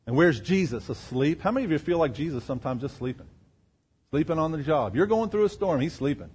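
A man preaching a sermon, firing rhetorical questions at the congregation and swinging between loud emphatic bursts and quiet, low asides. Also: lively intonation, quick pace, slightly rough. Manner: asks the crowd rhetorical questions. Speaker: pastor.

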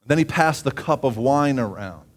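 A man preaching a sermon, reading scripture aloud with asides and often rising in pitch and volume for emphasis. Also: expressive, moderate pace.

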